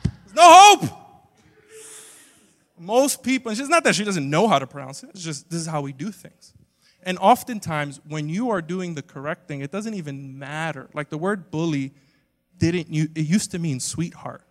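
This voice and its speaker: A man preaching a humorous sermon to a congregation, animated and swinging between loud exclamations and quiet asides. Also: fairly high pitch, moderate pace. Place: church sanctuary with a live congregation. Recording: long hall reverb from a church sanctuary.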